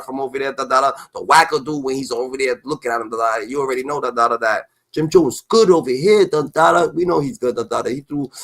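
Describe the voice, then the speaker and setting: A man's voice: medium pitch, pushed and bright. A man delivering a heated, profane rant as commentary, repeating a filler tag between phrases.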